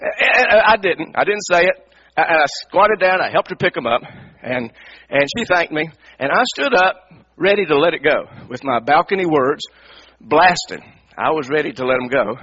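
A middle-aged man, a pastor, telling a personal story in a sermon, animated and repeating himself as he acts out his frustration. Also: on the high side, moderate pace, breathy edge. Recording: dull lo-fi radio broadcast.

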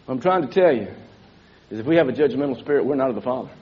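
A man's voice: mid-range voice, expressive, racing, husky. A male preacher delivering a sermon with emphatic repetition and rhetorical questions. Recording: dull lo-fi sermon recording.

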